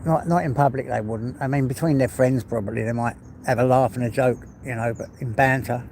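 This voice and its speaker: A man's voice: medium pitch, fairly even intonation, brisk, gravelly, darkish tone, a little hiss or hum. A man with an English accent chatting to his viewers on a phone livestream while walking his dog through the fields, swearing now and then. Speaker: livestream host. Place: outdoors in rural fields.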